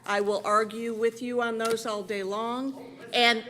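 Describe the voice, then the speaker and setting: A woman chairing a council meeting, firmly and deliberately rebutting a speaker. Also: on the high side, level tone, fairly bright tone. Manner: firm, measured, rebutting. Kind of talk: presiding over a council meeting.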